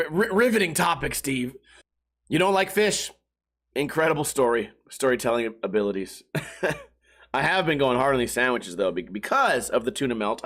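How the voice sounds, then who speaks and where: A man's voice: mid-range voice, fairly bright tone. A man hosting a solo podcast, telling rambling profane stories and slipping into mock voices. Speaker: podcast host. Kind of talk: casual solo rant.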